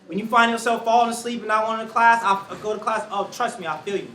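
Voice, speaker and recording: Animated, slangy man in an echoey hall. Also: high voice, fast talker, slight background noise. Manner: animated, preachy, slangy, acts out voices. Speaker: speaker to students. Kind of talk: energetic talk to college students. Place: large room with audience. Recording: echoey room, voice from far off.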